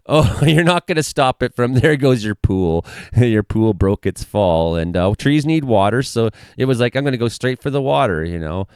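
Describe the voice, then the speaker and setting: A man's voice: lowish voice, lively intonation, a little slow, a little mellow, clear, resonant tone, no room sound, studio quality. A Canadian man giving casual, sarcastic running commentary on videos, often laughing as he reacts.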